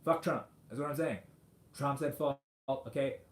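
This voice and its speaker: A man's voice: medium pitch, moderate pace. A man in his forties hosting a podcast, delivering a profane, sarcastic rant into a microphone. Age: 40s. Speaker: podcast host. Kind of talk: ranting monologue. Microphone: studio microphone. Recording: roomy echo.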